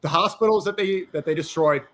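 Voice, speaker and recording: Fast-talking insistent man. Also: high voice, fairly bright tone, a little hiss or hum. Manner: insistent, stammers and repeats words. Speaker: debater. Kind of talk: heated live debate.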